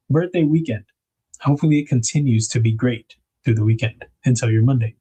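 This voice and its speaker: A man's voice: medium pitch, brisk, dark tone, husky. A man hosting a casual livestream, chatting to viewers, reading their comments aloud and laughing often. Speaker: livestream host.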